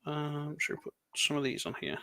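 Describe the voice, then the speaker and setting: Bright-voiced chatty English man. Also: fairly high pitch, animated, vocal fry. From England. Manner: chatty, rambling, quick laughs. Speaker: livestream co-host building LEGO. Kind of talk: casual chat.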